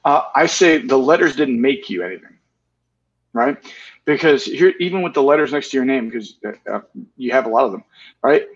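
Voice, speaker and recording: An earnest man in his forties talks candidly as an interview guest, often checking in with "right?". His voice is slightly husky. The recording is muffled and lo-fi. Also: medium pitch, animated, normal speed. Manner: earnest, tag questions with "right?".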